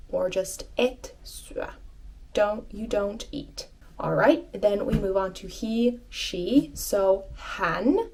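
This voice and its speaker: A woman giving an online language lesson, patiently repeating phrases slowly and clearly and encouraging her learners. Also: mid-range voice, darkish tone. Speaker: language teacher.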